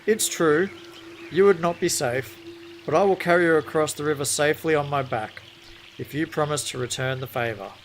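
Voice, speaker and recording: A man voicing a sly male crocodile trickster from a folk tale, with a put-on Jamaican accent and a calm, bargaining delivery. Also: fairly high pitch, normal speed, slight background noise, lightly acted.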